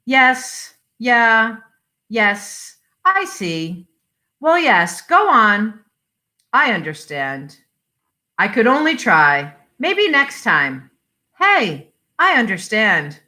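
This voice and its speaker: A woman reading out an impulsive middle-aged husband, blunt and bitter, in clipped, insistent bursts. His lines swing with a lively, bright tone and an unhurried pace. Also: on the high side, exaggerated voice. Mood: cheerful.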